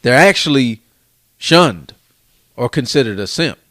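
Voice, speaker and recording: A man with a mid-range voice that swings widely in pitch as he argues his view in casual podcast talk. The recording is dry and close. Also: expressive, unhurried, a bit bright, no room sound. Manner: emphatic, opinionated, pushes back in debate. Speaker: podcast co-host. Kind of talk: casual chat.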